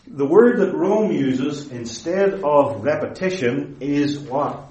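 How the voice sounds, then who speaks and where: A man preaching a theological lecture-sermon, emphatic and deliberate, stretching key words and correcting himself as he explains. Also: fairly high pitch, lively intonation, a little mellow. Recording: roomy echoey hall.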